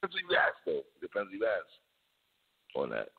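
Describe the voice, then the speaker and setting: A man's voice: sits low, big pitch swings, brisk, creaky, husky. A man in casual hip-hop debate chat, laid-back and slangy, who laughs often and repeats his phrases. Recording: tinny phone-like sound.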